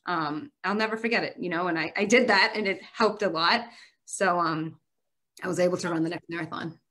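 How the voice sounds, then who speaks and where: A woman with a fairly low voice tells her story as a podcast guest. She speaks earnestly and with feeling, and her run-on sentences tumble one into the next. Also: a little fast, pushed and bright. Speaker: guest, marathon runner.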